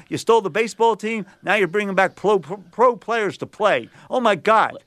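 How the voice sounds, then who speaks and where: A man's voice: high voice, expressive, a little fast, hardly any pauses, a bit bright, dry recording, studio quality. A man hosting a sports radio show, arguing insistently and talking over his co-hosts. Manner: argumentative, insistent, talks over others. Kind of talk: heated sports radio debate.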